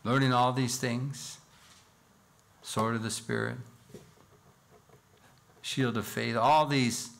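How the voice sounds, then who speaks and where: A man's voice: mid-range voice, level tone, slow, creaky, pauses often, fairly bright tone. A man preaching a sermon in church as pastor, earnest, with rhetorical questions and a rising, emphatic reading of scripture. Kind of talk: expository sermon.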